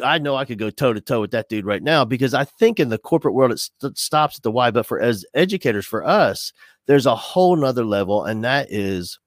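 A middle-aged educator appears as a podcast guest, chatting casually and animatedly but restlessly, with many restarts. His voice is medium-pitched, recorded in clean studio sound with no room tone.

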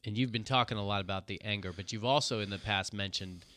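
A man's voice: on the low side, fast, bright, forceful tone, no echo. A man co-hosting a podcast, steering the casual chat with questions. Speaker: podcast co-host.

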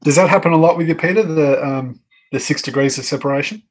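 A middle-aged man with an Australian accent, interviewing in a relaxed conversation and telling animated stories. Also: a little high, fast talker, poor audio. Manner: chatty storyteller, animated when telling anecdotes. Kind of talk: casual conversation.

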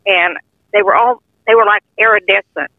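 An older woman, a guest sharing a testimony, speaks earnestly and informally about something heartfelt and personal. Her mid-range voice moves at a normal speed. The recording is dry, tinny phone-line audio with no room sound.

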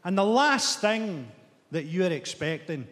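A man's voice: sits high, very animated, slow pace, fairly bright tone, slight background noise. A Scottish man doing stand-up comedy with a dry, sardonic delivery. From Scotland. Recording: broadcast from a live hall with audience. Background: audience laughter.

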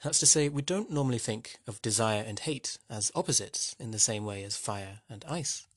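A man's voice: fairly low pitch, animated, moderate pace, husky, no echo, clean studio sound. A man teaching literature in a wry, conversational way, posing questions to the listener as he explains a poem. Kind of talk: explanatory lesson narration.

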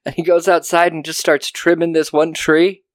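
A podcast host talking casually through a TV episode, retelling scenes as a story. The voice sits at a middle pitch. The sound is dry and close. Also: flat delivery, moderate pace, dry recording. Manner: storytelling, acts out quotes.

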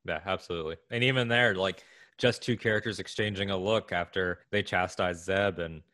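A man co-hosting a podcast in casual chat, speaking with enthusiasm in quick bursts. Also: sits low, fairly even intonation, bright, forceful tone, no room sound, clean studio sound. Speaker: podcast co-host.

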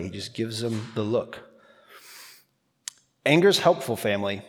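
A male pastor delivers a sermon in a relaxed, conversational way, speeding up and slowing down as he makes his points. His voice sits at a middle pitch for a man. A long reverb trails after his words, as in a large church hall. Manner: conversational, animated preaching with asides.

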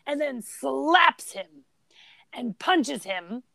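High-voiced woman chatting in a dry room. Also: very slow, creaky, no room sound. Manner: chatty, animated storytelling. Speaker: podcast co-host. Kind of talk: casual chat about films.

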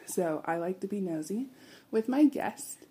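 Slow, chatty woman podcast host. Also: mid-range voice, lively intonation, dark tone, slight background noise. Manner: chatty, giggly, drawn-out sing-song intro. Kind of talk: casual chat.

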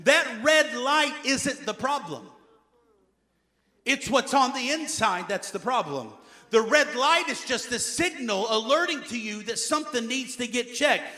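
A man preaching a sermon as pastor, emphatic, repeating key phrases and swinging between loud urging and quiet asides. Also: very high voice, animated, unhurried.

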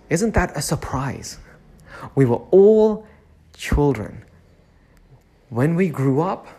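A man's voice: a little high, a little mellow. A man who runs a nursery, giving a reflective self-help talk, repeating key phrases and lingering on words.

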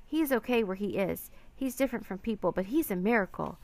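A woman's voice: medium pitch, lively intonation, fairly quick, a little mellow, close to an everyday voice. A woman voicing a thoughtful, earnest young boy who speaks with determination. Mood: pleading loudly.

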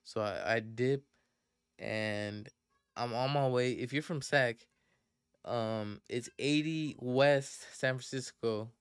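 A man's voice: mid-range voice, takes it slowly, clean tone, no echo, clean studio sound. A young adult man hosting a podcast, telling a story casually in profane slang that rambles and restarts often. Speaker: podcast host.

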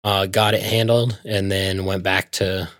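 A man's voice: low voice, measured pace, no room sound, studio quality. Swearing man telling a story. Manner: profane, animated storytelling with frequent swearing. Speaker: storyteller in casual conversation. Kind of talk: casual chat.

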